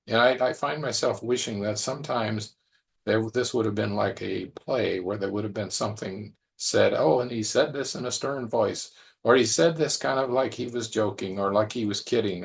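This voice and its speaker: Man, preacher, low voice, gravelly, conversational sermon, reflective, repeats phrases. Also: normal speed.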